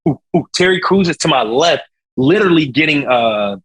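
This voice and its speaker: A young man, a singer, talking as a guest in a casual interview, telling a story in an animated, slangy way with sound effects. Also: a little high, normal speed, breathy edge, rough recording.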